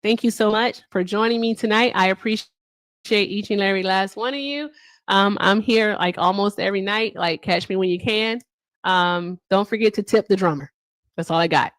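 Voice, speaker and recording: A woman's voice: medium pitch, moderate pace, dry recording. A woman hosting a casual livestream, chatty and laughing often as she talks straight to her viewers. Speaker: livestream host.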